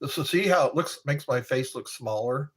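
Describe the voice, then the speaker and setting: Husky-voiced man, slow and lively. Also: medium pitch. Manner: rambling and playful, spelling words out. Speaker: live stream host. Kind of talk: casual live-stream chat while snacking.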